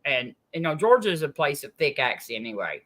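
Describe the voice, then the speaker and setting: A co-host with a bright, sharp voice chats about politics. The speech is halting, with many repeated words. The tone turns scornful toward critics. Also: mid-range voice, big pitch swings. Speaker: livestream co-host. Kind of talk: casual political chat.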